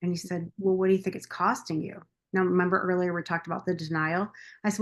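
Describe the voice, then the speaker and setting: A woman's voice: fairly low pitch, level tone, quick pace. Candid woman coach telling her story. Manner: open and confessional, quoting her past self. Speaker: podcast guest, coach. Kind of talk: candid personal story in a podcast interview.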